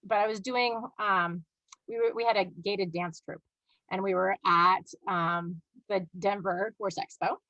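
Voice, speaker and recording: Woman guest on a video call, chatty storyteller with lots of restarts, plain pitch, dry sound. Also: unhurried, no echo, muffled recording. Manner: animated, chatty, many fillers and restarts. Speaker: guest horse trainer. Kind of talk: storytelling in a live video interview.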